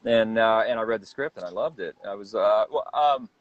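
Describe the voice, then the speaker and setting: A man guest telling stories in a casual interview, rambling and halting as he goes. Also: fairly low pitch, no room sound. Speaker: guest, celebrity impersonator. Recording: dull, dry lo-fi sound.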